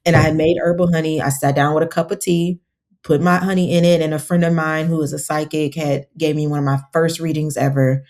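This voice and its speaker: A woman's voice: low-pitched, little pitch movement, a little fast, a little mellow. A woman herbalist, a guest on a podcast, telling stories in casual conversation and acting out her own quotes.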